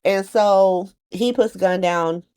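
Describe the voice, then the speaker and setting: A woman giving a casual, slangy comedic recap of a soap opera, acting out the characters in quick voices. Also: medium pitch, darkish tone, clear, resonant tone.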